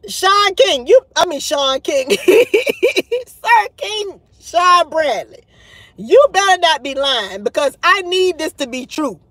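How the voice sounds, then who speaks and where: A woman's voice: very high-pitched, lively intonation, unhurried, bright, forceful tone, no room sound. A woman hosting a livestream of gossip commentary, dramatic and exasperated, talking straight to her viewers with sighs, laughs and casual swearing. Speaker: channel host.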